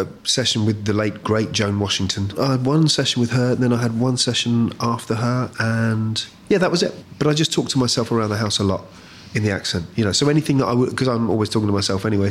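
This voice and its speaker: Low-voiced man, thoughtful interviewee, faint background noise. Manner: thoughtful, animated, self-correcting. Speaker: actor.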